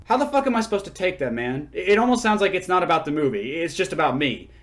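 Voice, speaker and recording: A man's voice: on the high side, sing-song, quick pace, a bit bright. A man hosting his own channel, delivering an angry, sarcastic, profanity-laced response to a critic. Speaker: channel host. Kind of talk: angry response-video commentary.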